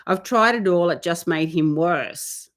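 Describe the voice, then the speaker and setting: A woman's voice: lowish voice, a little slow. A woman who trains horses, hosting a casual weekly live Q&A and talking in a chatty, easygoing way as she reads out a viewer's question. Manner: chatty, often breaking off to scold her dogs. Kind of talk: casual live-stream chat. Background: dogs barking and playing nearby.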